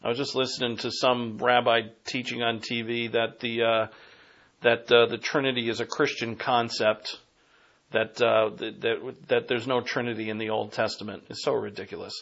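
A man's voice: medium pitch, little pitch movement, moderate pace, vocal fry, fairly bright tone, muffled recording. A man with a Boston accent preaching a Bible lesson, emphatic and digressive, rising to punch key phrases. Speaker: Bible teacher. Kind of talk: sermon.

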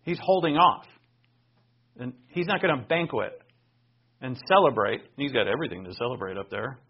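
Gravelly, husky preacher. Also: male voice, medium pitch, animated, normal speed, lo-fi sound. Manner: earnest, conversational storytelling with personal asides. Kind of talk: sermon.

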